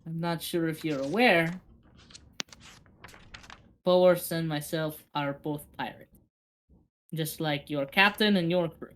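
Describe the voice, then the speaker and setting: A woman's voice: low-pitched, fairly even intonation, takes it slowly, long pauses, slight background noise. A woman voicing a shrewd, snouted female pirate boss in a put-on German accent, dry and unimpressed. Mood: matter-of-fact.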